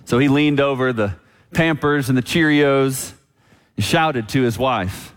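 A man preaching a sermon as pastor, telling a story and slowing down on key lines. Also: medium pitch. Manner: storytelling, slows down for emphasis. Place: church sanctuary. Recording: long church reverb.

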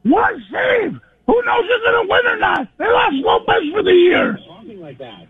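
A man with a hoarse, raspy voice yells in a piercing, very high register, his pitch careening wildly. He is calling in from his room on the phone, frantic and loud. The line is thin and tinny. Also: huge pitch swings, moderate pace. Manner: shouting, frantic. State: hoarse from yelling. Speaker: radio caller.

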